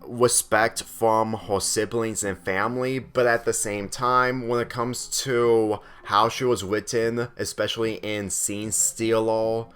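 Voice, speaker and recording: A man's voice: on the low side, flat delivery, slow, hardly any pauses, fairly bright tone, smooth. A man giving a rambling cartoon review commentary, circling back on the same phrases. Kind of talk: spoken video commentary.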